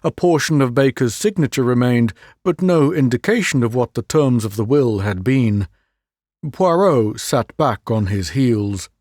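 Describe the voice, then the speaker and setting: A man narrating a classic detective story as an audiobook reader, measured and unhurried. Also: medium pitch, lively intonation, darkish tone, dry recording, studio quality. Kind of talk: scripted narration.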